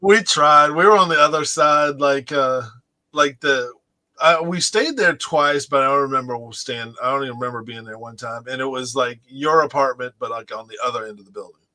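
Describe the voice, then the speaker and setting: Man in his 40s, teasing guest, bright tense tone, dry close mic. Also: mid-range voice, fairly quick, dry recording. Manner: teasing, laughs often. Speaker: guest musician. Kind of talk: casual chat.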